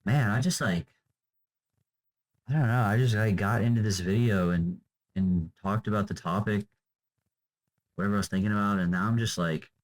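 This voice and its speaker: With long pauses and a moderate pace, a young man in a lowish voice rambles through an unscripted vlog. He comes across tired and drained, meandering with lots of fillers and trailing off, on a rough recording.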